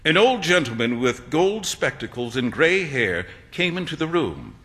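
A man narrates a classic story with expressive, animated storytelling. His voice is fairly high and bright, and it rises and falls a lot. Each scene is read with clear dramatic shading. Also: normal speed.

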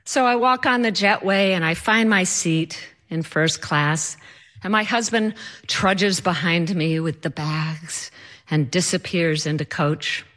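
A woman telling a personal story with animated, comic timing. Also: on the low side.

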